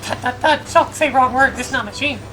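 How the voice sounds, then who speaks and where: A woman's voice: sits high, fairly quick, natural voice, poor audio. A woman voicing a small boastful male creature who talks in broken, childlike grammar, with game music behind.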